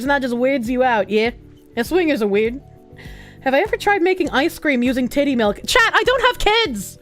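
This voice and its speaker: Bubbly high-voiced Boston woman. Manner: animated, laughs often, crude jokes. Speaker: streamer. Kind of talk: casual chat, reading chat aloud.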